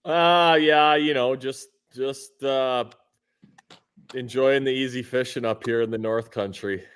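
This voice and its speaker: A man's voice: medium pitch, fairly even intonation, a little slow, clean tone. Man, guest angler, easygoing, laughing, video call chat. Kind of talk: casual chat.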